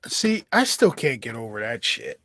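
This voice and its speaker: Animated joking man, dry close mic. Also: mid-range voice, moderate pace, dry recording. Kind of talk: casual podcast banter.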